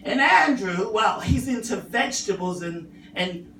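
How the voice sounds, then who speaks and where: A woman's voice: medium pitch, animated, a little slow, a bit bright. A middle-aged woman with a London accent doing a stand-up set at an open mic, with a dry, self-mocking delivery. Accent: London English. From England. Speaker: stand-up comedian. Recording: echoey room from far off, faint hum.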